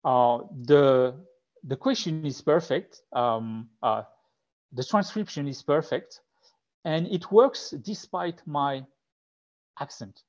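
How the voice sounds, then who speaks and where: A man with a heavy French accent walks through a live tech demo, pausing often on fillers and restarting his sentences. His voice sits fairly high, and the recording is dull and muffled. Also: animated, darkish tone. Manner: hesitant, many fillers and restarts. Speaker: webinar presenter.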